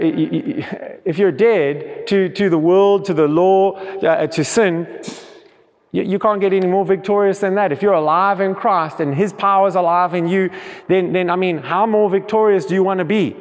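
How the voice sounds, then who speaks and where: A man's voice: high voice, big-room sound. A man preaching a sermon, reading scripture aloud and often repeating and restarting his words.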